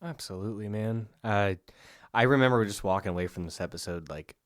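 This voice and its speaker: A man co-hosting a podcast, speaking softly and reflectively with halting restarts. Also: fairly low pitch, no room sound, studio quality. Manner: soft-spoken, reflective, halting. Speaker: podcast co-host. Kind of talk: casual podcast chat.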